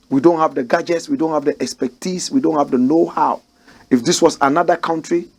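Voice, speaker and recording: A man with a Ghanaian accent hosting a news commentary show, animated and emphatic, repeating phrases as he talks. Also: fairly high pitch, breathy edge.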